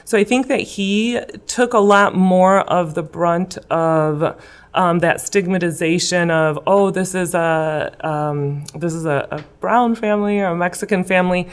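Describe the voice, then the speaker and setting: Earnest woman with a smooth voice. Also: fairly low pitch, a little slow. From West Chicago, Illinois. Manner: earnest, emotional, many fillers. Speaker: guest, political candidate. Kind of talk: interview answers. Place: school room.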